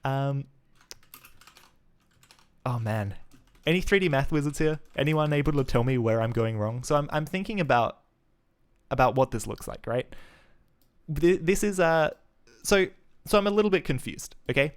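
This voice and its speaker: Mild Australian man, mid pitch, casual streamer talking through his code, keys typing in the background. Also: lively intonation, normal speed, long pauses. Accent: mild South Australian. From Adelaide, Australia. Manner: chatty, thinks aloud, frequent fillers and restarts. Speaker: live-coding streamer. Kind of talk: casual live-stream chat while coding.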